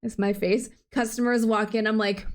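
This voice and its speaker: High-voiced young woman streamer. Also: brisk. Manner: rambling, laughs often. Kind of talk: casual chat while gaming.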